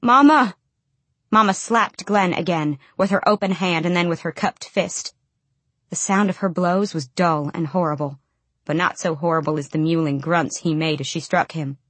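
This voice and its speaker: A woman narrates an audiobook in the first person, quiet and subdued. Her voice is pitched low for a woman. The recording is dry and close. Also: steady tone, normal speed, dry recording.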